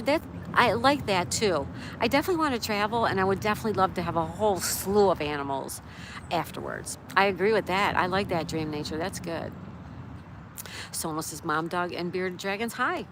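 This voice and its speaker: A woman live streaming outdoors, chatting casually and reading chat messages aloud while tending her dog. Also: medium pitch. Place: outdoors by a road in a town. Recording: outdoor stream with clear traffic noise. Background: street and vehicle noise.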